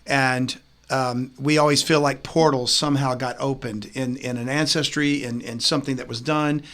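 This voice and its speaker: A man's voice: medium pitch, steady tone, moderate pace, a bit bright. A man co-hosting a podcast interview, responding reflectively to the guest with affirming remarks and fillers. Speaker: podcast co-host. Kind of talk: casual interview chat.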